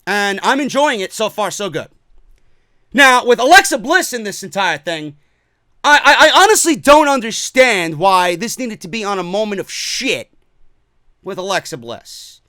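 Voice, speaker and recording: A man's voice: high-pitched, animated, moderate pace, pushed and bright, no room sound, clean studio sound. A man ranting his way through a wrestling show review, profane and sarcastic.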